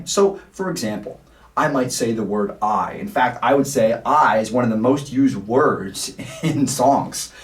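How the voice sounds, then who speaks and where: A man gives a vocal lesson, his voice sitting in an ordinary middle pitch. He explains patiently and breaks into short sung vowels to demonstrate. The mic is some way off, so the sound is roomy and distant. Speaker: singing teacher.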